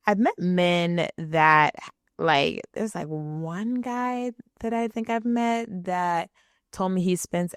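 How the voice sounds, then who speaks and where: Woman podcast host, lowish voice, casual storytelling, dry close sound. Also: smooth, dry recording. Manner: chatty storytelling, frequent "right?" asides. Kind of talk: casual solo podcast monologue.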